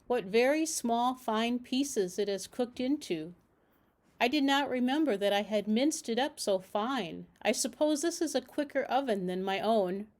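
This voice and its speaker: A woman voicing a fussy, easily panicked lady dog in a storybook read aloud, her voice raised high and anxious. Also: animated, measured pace, a little mellow. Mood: polite, fussy. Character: fretful lady dog, dramatic, prone to panic.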